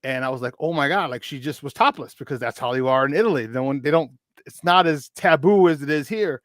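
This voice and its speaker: A man in his fifties, a podcast guest telling a story in a chatty, animated way. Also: mid-range voice, quick pace, no echo. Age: 50s. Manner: chatty, animated, with many restarts. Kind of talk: casual storytelling.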